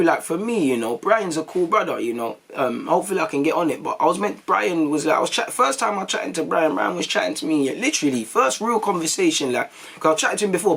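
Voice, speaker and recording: A young man, a vlogger telling stories to his viewers in a casual, animated way, full of slang and acted-out quotes. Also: a little high, vocal fry, breathy edge. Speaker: YouTube vlogger.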